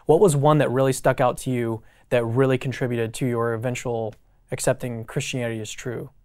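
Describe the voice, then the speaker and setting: A man's voice: medium pitch, little pitch movement, a little fast, a little mellow, no echo, studio quality. A man interviewing a guest, asking casual follow-up questions.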